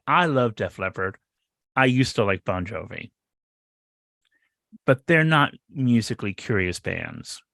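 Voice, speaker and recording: A man's voice: lowish voice, a bit bright, dry recording. A man co-hosting a music podcast, talking in a sardonic, rambling way with repeated words. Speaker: podcast co-host. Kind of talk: casual podcast chat.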